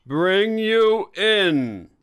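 A man doing a hot-tempered inspector, shouting high. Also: big pitch swings, drawn-out words, smooth, full character voice. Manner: shouting, strained. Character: gruff male police inspector, hot-tempered.

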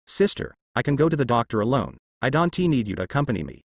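A man's voice: mid-range voice, big pitch swings, fast, no room sound, clean studio sound. A man reading as a scheming younger sister. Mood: fake pain.

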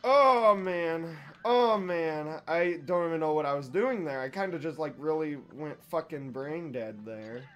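A young man giving casual let's-play commentary, profane and excitable, trash-talking the boss and yelling when he wins or loses. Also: a little high, a little slow. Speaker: gaming YouTuber.

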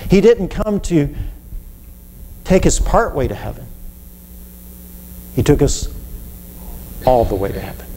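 A man preaching a sermon, telling a story with animated delivery and acting out cries for help. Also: fairly high pitch, measured pace, long pauses, a little hiss or hum. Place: church. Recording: reverberant church hall with faint ambience.

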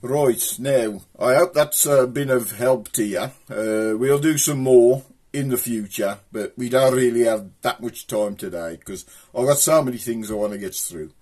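A man's voice: medium pitch, unhurried, hardly any pauses, a little mellow, husky. A middle-aged man with a broad Black Country accent, hosting a rambling, chatty comic show. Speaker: host. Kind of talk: casual comic monologue to camera.

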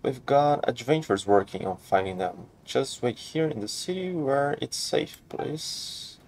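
A man reading as a brisk, busy knight. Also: mid-range voice, expressive, a little mellow. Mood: polite. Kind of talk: game dialogue read aloud.

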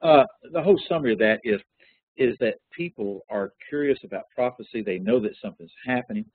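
Husky-voiced man teaching over a phone line. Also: medium pitch, brisk, dry recording. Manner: relaxed, conversational teaching with frequent fillers. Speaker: Bible study teacher. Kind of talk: interactive Bible lesson.

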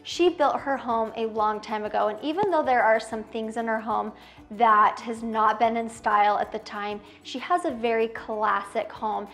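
A woman's voice: on the high side, steady tone, moderate pace, fairly bright tone. A woman in her thirties giving a casual home tour, gushing and chatty with lots of fillers. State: tearful at times. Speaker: vlogger. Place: inside a home.

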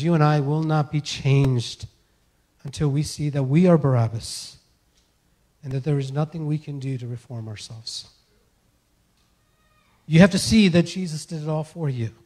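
A male pastor delivering a sermon, earnestly pleading with his listeners and letting his lines fall soft at the close. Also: on the high side. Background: soft guitar music.

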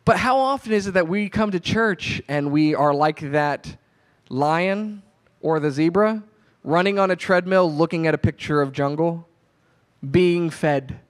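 A male pastor preaching a sermon, told in a relaxed, conversational storytelling way. His voice sits a little high for a man. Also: a little slow. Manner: conversational storytelling, animated retelling.

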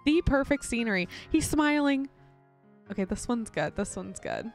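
Over soft background music, a gaming channel host narrates her life-sim playthrough in a casual let's-play style. She's young, with a fairly high, animated voice at normal speed, and she gushes and giggles a lot.

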